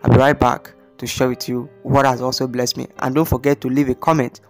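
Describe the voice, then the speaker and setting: A man's voice: mid-range voice, little pitch movement, brisk, faint music behind. Chatty man hosting a video channel. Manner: chatty, repetitive, eager urging. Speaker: channel host. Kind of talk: casual video commentary.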